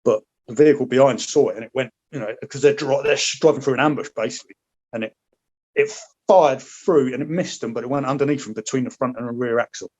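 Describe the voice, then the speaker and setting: A man's voice: mid-range voice, fast talker, a little mellow, dull audio. A British man, a former paratrooper and podcast guest, telling combat stories in casual conversation, swearing freely with many restarts and asides. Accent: British English. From Britain. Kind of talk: casual storytelling.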